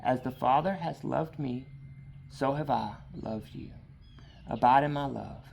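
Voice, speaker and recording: Gravelly man preaching a casual sermon. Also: medium pitch, a little slow, darkish tone, a little hiss or hum. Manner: conversational, rambling, frequent "all right". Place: outdoors in a yard.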